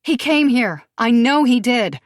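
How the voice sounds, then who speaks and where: A woman's voice: fairly high pitch, lively intonation, a little slow, no room sound, studio quality, pitched above the performer's own voice. Woman voicing a desperate, insistent young wife. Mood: urgent. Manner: urgent, insistent, shaken. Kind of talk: audiobook character voice.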